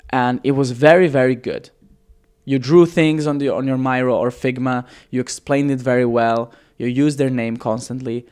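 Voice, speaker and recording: Blunt, energetic man coaching on camera. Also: mid-range voice. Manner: energetic, blunt, swears casually, varies pace and loudness for emphasis. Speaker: copywriting coach. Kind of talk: casual direct-to-camera teaching.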